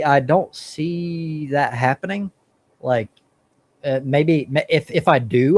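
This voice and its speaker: A man's voice: mid-range voice, darkish tone. A man hosting a live stream, talking casually and bluntly with plenty of swearing as he works through his thoughts. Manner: blunt, profane, talks through his thinking. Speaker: stream host.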